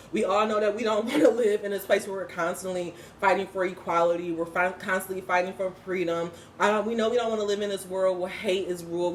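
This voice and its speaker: A woman's voice: medium pitch, reverberant, slight background noise. A woman speaking who gives a casual inspirational talk, emphatic and slangy, swearing freely and laughing often. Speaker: spiritual vlogger and host.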